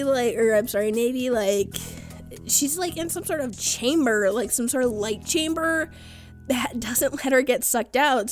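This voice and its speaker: Chatty young woman reviewing a cartoon. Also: high-pitched. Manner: chatty, laughs often, quotes characters loosely. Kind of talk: casual recap and opinion.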